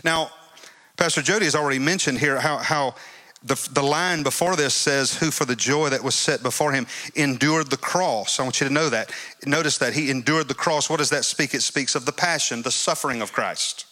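A man's voice: mid-range voice, normal speed, bright, forceful tone. A male preacher giving an emphatic sermon and repeating his phrases. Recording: long hall reverb.

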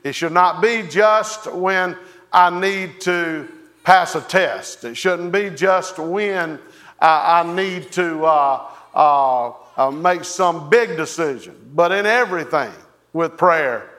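A man preaching a sermon as pastor, halting and folksy, with many fillers and repeated words. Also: a little high, fairly bright tone. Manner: folksy, leads the congregation in song.

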